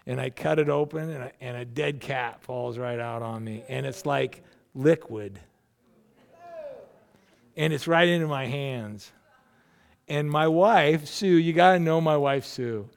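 A man's voice: medium pitch, unhurried, vocal fry. A middle-aged man, a pastor, preaching a sermon in a loose, conversational storytelling way, often restarting his sentences.

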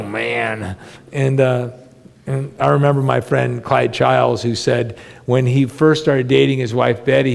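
A middle-aged pastor preaches a sermon in a church sanctuary, earnest and conversational, with self-deprecating humor. His mid-range voice is gravelly and a little mellow, and the large hall adds long reverb.

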